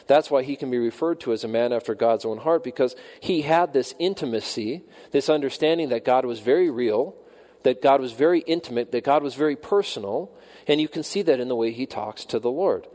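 A man preaching a sermon, rising and slowing for emphasis when he voices the psalmist's cries. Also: dark tone, in a large hall. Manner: rises in pitch and volume when quoting the psalmist's cries, slows for emphasis. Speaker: pastor.

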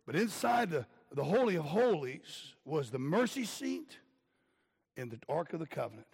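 A man's voice: fairly high pitch, very animated, normal speed, vocal fry, a little mellow, breathy edge. A man preaching a conversational, rambling sermon in a church, calling the congregation "guys" and "man". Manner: folksy, rambling, calls listeners "guys" and "man".

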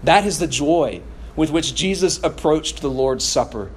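A man's voice: on the high side, lively intonation, measured pace, slight background noise. A young man preaching a sermon in an earnest, reflective way, often restarting his sentences. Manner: earnest, reflective, with frequent restarts and repeated words. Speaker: pastor.

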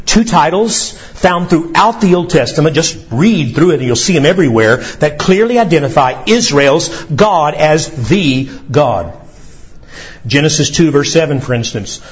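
Animated male preacher, lo-fi recording. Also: on the high side. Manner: animated preaching, dramatic pauses, emphatic scripture reading. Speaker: pastor. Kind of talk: sermon.

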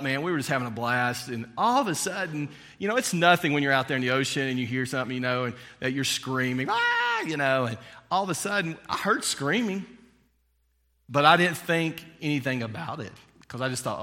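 A man's voice: mid-range voice, bright, forceful tone, in a large hall. A man preaching a sermon, telling a personal story in a casual way with many fillers. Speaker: pastor.

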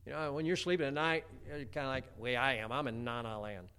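A man's voice: mid-range voice, steady tone, quick pace, sharp tone, clear, resonant tone. A middle-aged man preaching a homespun sermon, chatty, with many stammered restarts. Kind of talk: folksy sermon.

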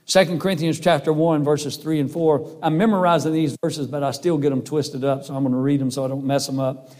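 A man's voice: fairly high pitch, fairly even intonation, fairly quick, a little mellow. A middle-aged man preaching a sermon in an earnest, folksy, emphatic way. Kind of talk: sermon with personal story.

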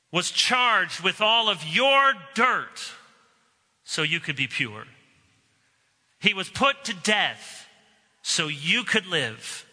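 A man preaching a sermon as a pastor, earnest and emphatic, with slow dramatic pauses. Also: high voice, bright, forceful tone. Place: church sanctuary. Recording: long reverb of a large hall.

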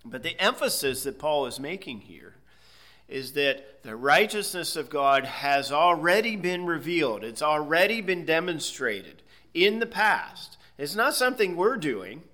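Bright-voiced man teaching scripture. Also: a little high, sing-song, unhurried. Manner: methodical, checks in with "okay?". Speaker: Bible teacher. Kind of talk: expository Bible lecture.

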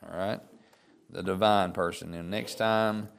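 A man teaching a Bible study lesson, reading verses slowly and deliberately, then explaining in a casual way with fillers. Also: sits low, steady tone, creaky, clean tone.

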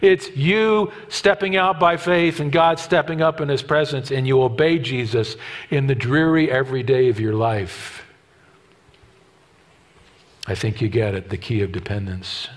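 A man in his fifties preaching a sermon, emphatic and repetitive, swinging from loud declarations to hushed asides. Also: mid-range voice, a little slow. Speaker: pastor.

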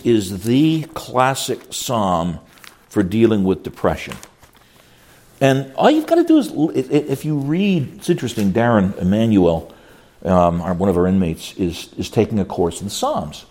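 Animated male pastor lecturing a class. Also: mid-range voice. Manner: animated, repeats words while searching for phrasing; reads scripture aloud slowly. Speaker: pastor teaching a counseling class.

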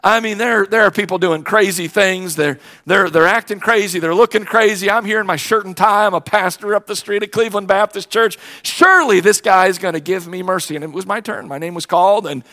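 A man's voice: sits high, brisk, few pauses, pushed and bright. A middle-aged man preaching a sermon as pastor, telling a personal story in a conversational way and acting out the voices in it. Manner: conversational storytelling, acts out quoted exchanges.

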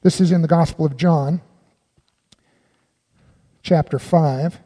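Emphatic high-voiced male preacher in a reverberant hall. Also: fairly even intonation, takes it slowly, dark tone, husky. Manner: emphatic, asks the listeners questions. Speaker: pastor. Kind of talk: sermon.

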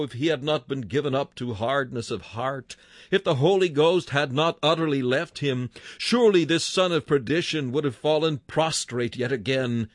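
A man reads a sermon in formal, old-fashioned phrasing. His delivery is solemn and swells into emphatic declamation. His voice sits at a middle pitch, and the recording is dry and close. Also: measured pace, dry recording. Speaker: preacher. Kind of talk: reading a sermon aloud.

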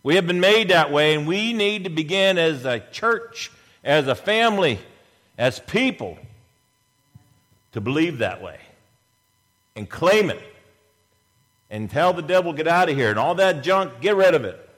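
A fairly high-voiced man preaching a sermon, his pitch swinging widely as he acts out scripture scenes with energy. He speaks as pastor to his church. The sound carries a long, echoey church reverb. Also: big pitch swings, unhurried, pauses often, fairly bright tone.

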